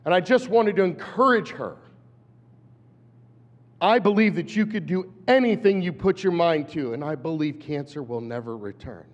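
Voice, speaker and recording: A man in his fifties, an animated storyteller who acts out voices, giving a talk at a conference. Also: a little high, moderate pace. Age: 50s. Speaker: conference speaker. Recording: dull hall recording with long reverb.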